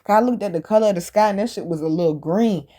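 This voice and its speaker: A woman hosting a podcast, telling stories in a casual, animated and blunt way, full of slang and swearing. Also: mid-range voice, fast. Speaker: podcast host. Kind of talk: casual storytelling monologue.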